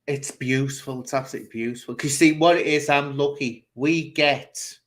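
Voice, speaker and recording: A man hosting a casual live chat in a mid-pitched voice. He rambles between topics and delivers opinions with blunt frankness. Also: fairly even intonation, fairly quick, fairly bright tone. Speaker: host.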